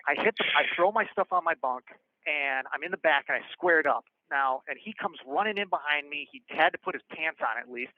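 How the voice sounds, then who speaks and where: A man frankly telling stories from his past over a phone call, animated and acting out the voices of the people in them. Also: fairly high pitch, a little fast, a little hiss or hum. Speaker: guest storyteller. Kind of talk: casual storytelling on a call. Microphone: prison phone. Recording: tinny phone line.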